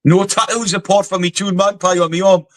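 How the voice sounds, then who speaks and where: A man's voice: high-pitched, fairly even intonation, a little fast, dry recording, rough recording. Blunt, sweary Geordie man telling stories. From North East England. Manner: blunt, swears freely, rambling with many fillers. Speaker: guest, former soldier and boxer. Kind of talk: casual storytelling interview.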